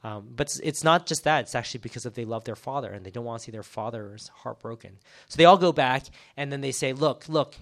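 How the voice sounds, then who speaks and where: A man teaching a bible passage casually, retelling it in an animated way with many acted quotes and fillers. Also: medium pitch, fast, few pauses.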